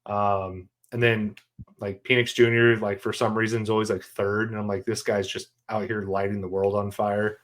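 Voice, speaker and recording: A man's voice: lowish voice, moderate pace. A man co-hosting a sports podcast, chatting casually and animatedly with jokes. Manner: animated, joking, trailing off into fillers. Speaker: podcast co-host.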